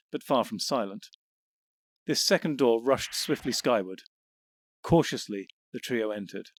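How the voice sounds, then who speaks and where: A man reads an audiobook at a measured, descriptive pace. His voice sits in a middle pitch. The recording is dry and close, with no room sound. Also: no room sound. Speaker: audiobook narrator. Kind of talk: scripted narration.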